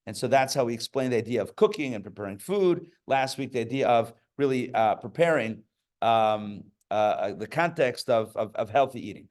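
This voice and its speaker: A man's voice: medium pitch, animated, normal speed, darkish tone. A rabbi teaches a live class in a loose, conversational way. He wanders into stories and joking asides and often stops to restart a sentence. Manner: chatty, joking asides, many fillers and restarts. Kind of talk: casual Torah class with stories. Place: live class before an audience.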